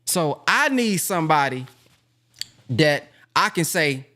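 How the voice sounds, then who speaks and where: Minister-teacher man, animated and plain-spoken, higher voice with wide swings, talking casually to his audience. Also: slow pace. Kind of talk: casual heartfelt talk to an audience.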